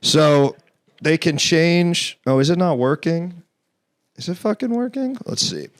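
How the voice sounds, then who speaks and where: Lively young man chatting on stream. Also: a little high, a little slow. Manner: animated, swearing, laughs often. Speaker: streamer host. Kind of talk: casual chat.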